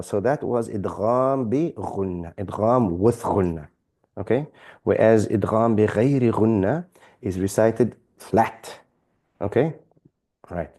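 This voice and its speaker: A man's voice: medium pitch, a little mellow. A man teaching a beginners' Arabic reading lesson, patient and repetitive, checking in with "okay?" and often stumbling and restarting phrases. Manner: patient, repeats examples, frequent "okay?" checks. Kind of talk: relaxed classroom-style lesson.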